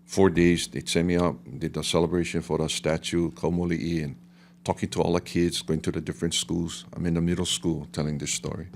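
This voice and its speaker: A middle-aged man from Hawaii with a Hawaiian Pidgin accent, telling a story on a podcast in an animated way and dropping to a hush for the dramatic parts. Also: low-pitched, fairly quick, vocal fry, slight background noise. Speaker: guest artist and historian. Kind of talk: storytelling in casual podcast talk.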